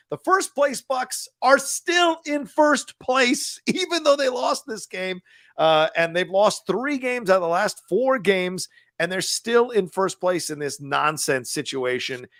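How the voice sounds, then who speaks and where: Animated profane man talking football. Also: a little high, dry recording, studio quality. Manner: animated, profane, laughs often. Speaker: sports podcast co-host. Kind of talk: casual sports talk.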